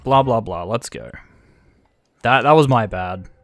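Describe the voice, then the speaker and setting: Australian man, gravelly, lively intonation, casual let's-play commentary, self-deprecating, faint music behind. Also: mid-range voice, a little slow. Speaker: gaming channel host.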